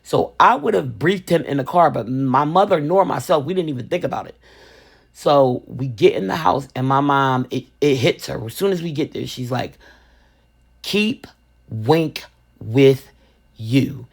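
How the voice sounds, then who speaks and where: Woman storyteller: casual, expressive, big swooping pitch, gravelly texture. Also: moderate pace. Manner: animated, expressive, laughs often. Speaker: vlogger, resin crafter.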